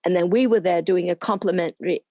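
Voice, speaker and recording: An older woman chatting through her recollections in an interview, laughing as she goes. Her voice sits low and mellow. The sound is dry, with no room around it. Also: steady tone, fast, dry recording. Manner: chatty, rambling, laughs often. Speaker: interview guest, camera assistant.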